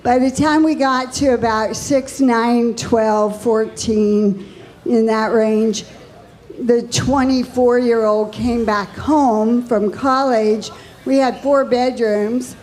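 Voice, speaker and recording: A woman's voice: on the high side, slow pace. Older woman telling a family story. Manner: chatty, animated quoting of her daughter. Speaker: stand-up comic. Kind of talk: stand-up storytelling. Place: comedy club stage. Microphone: handheld mic.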